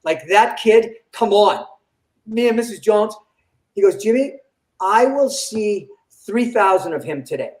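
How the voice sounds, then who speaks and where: An older man, a comedian guest, telling an animated story in an interview and acting out the dialogue. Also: sits high, a little slow. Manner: animated, acts out quoted dialogue. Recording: roomy echo.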